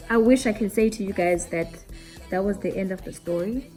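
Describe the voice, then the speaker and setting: A woman's voice: medium pitch, slow, pauses often, faint music behind. A young woman telling a candid storytime to her viewers while doing her makeup, casual and slangy. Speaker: beauty vlogger.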